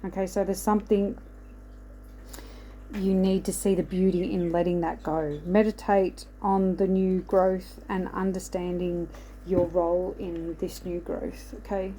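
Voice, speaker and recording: A woman's voice: on the low side, level tone, a little slow, dark tone, a little hiss or hum, low-quality recording. A woman giving a casual spiritual card reading, rambling and reassuring, often checking in with "okay". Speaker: oracle card reader.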